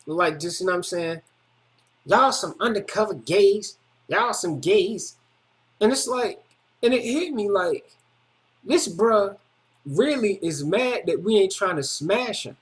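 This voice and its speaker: A man with a notably high voice recounts a personal story in casual street slang. He repeats phrases for emphasis and speaks emphatically, like a testimony video.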